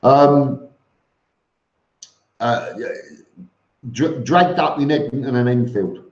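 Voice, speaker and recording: A man's voice: mid-range voice, slow pace. A middle-aged man with a London accent, chatting casually on a live stream in a blunt, rambling way, with many ums and restarts. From East London, England. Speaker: vlogger hosting a live stream. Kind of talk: casual live-stream chat answering viewers. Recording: roomy, slightly dull audio.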